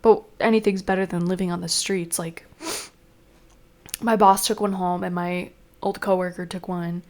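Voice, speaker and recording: A woman's voice: lowish voice, level tone, moderate pace, a little mellow. Chatty young woman vlogging casually. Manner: rambling, filler-heavy, chatty. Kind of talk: casual chat.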